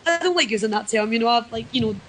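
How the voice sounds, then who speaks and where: A woman's voice: a little high, expressive, racing, slight background noise, low-quality recording. A Scottish woman, a wrestler guest, chatting casually and self-deprecatingly in a podcast interview. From Scotland.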